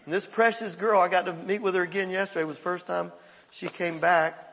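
Pastor, middle-aged man, higher gravelly voice, emphatic conversational sermon, reverberant hall. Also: fairly even intonation, a little fast, fairly bright tone. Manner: conversational, emphatic preaching with repetitions.

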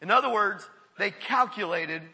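Animated high-voiced preacher in a hall. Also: male voice, moderate pace. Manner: animated, repeats words, calls on the congregation. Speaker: pastor. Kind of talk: sermon. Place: church.

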